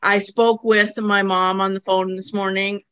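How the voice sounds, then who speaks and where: A woman's voice: medium pitch, level tone, a little slow, fairly bright tone, clean tone. A woman from Canada, a podcast guest speaking in a heartfelt, emotional way in casual conversation.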